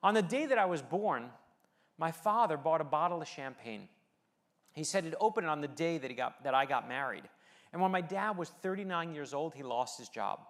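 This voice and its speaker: A man's voice: fairly high pitch, expressive, fairly quick, fairly bright tone. Man giving a motivational speech. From United States. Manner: personal storytelling with light humor, rallying the audience. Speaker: keynote speaker and novelist.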